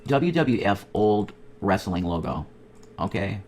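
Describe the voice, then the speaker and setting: A man ranting in a casual livestream, profane and excitable, jumping between loud outbursts and muttered asides. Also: lowish voice, slow pace, a little hiss or hum. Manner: profane, excitable, nostalgic rambling. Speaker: streamer. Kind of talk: rambling casual livestream chat.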